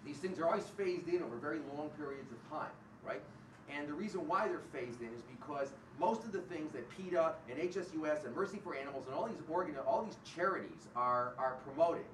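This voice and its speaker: A man giving a public university lecture, animated and sarcastic, often acting out the voices of the people he quotes. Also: on the high side, distant mic, a little hiss or hum. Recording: roomy hall picked up from afar.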